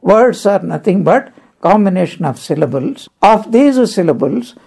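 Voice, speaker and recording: A spiritual teacher giving a scripture discourse, telling stories and explaining Sanskrit terms one by one in an unhurried way. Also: mid-range voice, sing-song, gravelly, mellow, breathy edge.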